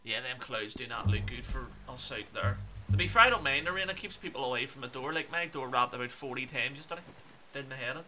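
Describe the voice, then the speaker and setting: A man's voice: medium pitch, expressive, quick pace, pushed and bright, slight background noise. A young man in his twenties with a Belfast accent, chatting with viewers and exclaiming as he plays a video game. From Northern Ireland. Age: 20s. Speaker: gaming streamer. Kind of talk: casual gameplay commentary chatting with viewers.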